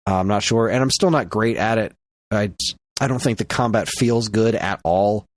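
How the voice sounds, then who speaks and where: A man co-hosting a podcast in casual chat, ranting with animated energy. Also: lowish voice, normal speed, a little hiss or hum. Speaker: podcast co-host.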